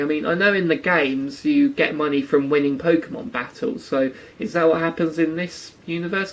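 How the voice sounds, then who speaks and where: An anime reviewer with a fairly high-pitched voice offers sarcastic, casual commentary on a cartoon episode, acting out quotes in silly voices. The recording sounds rough.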